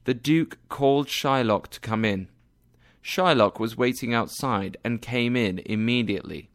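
A man narrating a story in a slow, clear, deliberate reading style. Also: medium pitch, no echo, studio quality.

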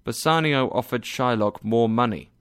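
A man narrating a story in a slow, clear, deliberate reading style. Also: medium pitch, no room sound, clean studio sound.

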